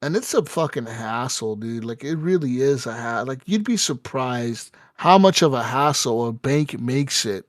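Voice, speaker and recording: A young adult man, a podcast co-host, telling a story in casual, profane, animated chat. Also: mid-range voice, moderate pace, hardly any pauses, no echo, studio quality.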